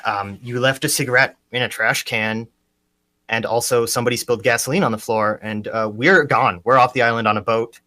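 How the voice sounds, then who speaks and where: A man's voice: mid-range voice, fairly even intonation, bright, forceful tone, lightly acted. A man improvising a groom who hesitantly hints at a scheme, in live improv comedy. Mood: scheming. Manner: halting, hesitant, full of ums. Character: groom hinting at a sly arson scheme.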